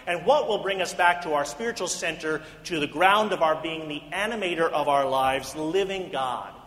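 A man's voice: a little high, sharp tone. A male pastor preaching an earnest sermon full of rhetorical questions, speaking in a house of worship. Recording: echoey hall reverb.

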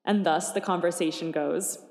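A woman preaching a sermon in a church, gentle and conversational with a wry touch. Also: on the low side, steady tone, moderate pace. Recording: echoey church hall.

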